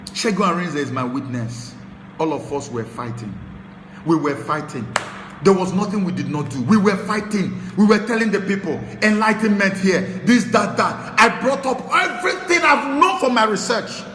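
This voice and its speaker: A Nigerian man hosting a talk show, giving impassioned political commentary that swings from low muttering to shouted tirades. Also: normal speed, roomy sound, big-room sound, a little hiss or hum. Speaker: show host.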